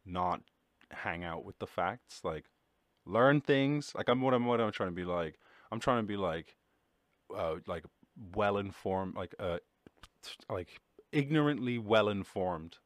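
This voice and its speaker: A man's voice: lowish voice, lively intonation, no room sound, studio quality. A young Irish man hosting a podcast alone, chatting casually in a rambling, sweary, self-mocking way. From Ireland. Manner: rambling, swearing, self-mocking, quick shifts into mock voices. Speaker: podcast host. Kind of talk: casual solo chat.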